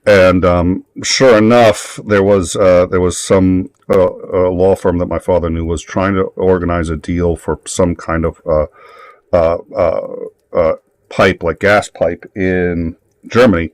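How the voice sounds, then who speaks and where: A man's voice: low voice, steady tone, a little slow, a little mellow, no room sound. A man telling a story in casual chat, rambling along with many fillers and restarts.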